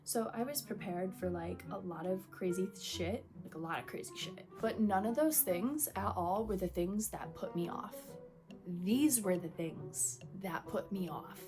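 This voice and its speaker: A woman's voice: mid-range voice, a little slow, over music. A young woman from Michigan with a Michigan accent, talking casually to camera in a chatty, swearing vlog style. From Michigan, USA. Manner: chatty, swearing, animated quoted voices, dramatic whispers. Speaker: vlogger.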